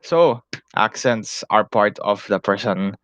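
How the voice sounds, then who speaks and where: A young Filipino-accented man rambles through a casual podcast chat, swearing freely and breaking into laughs. His voice sits low and sounds smooth and clear. The sound is dry and close, with no room around it. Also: slow, fairly bright tone, no echo, highs cut off. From Philippines. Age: young adult. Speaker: podcast co-host.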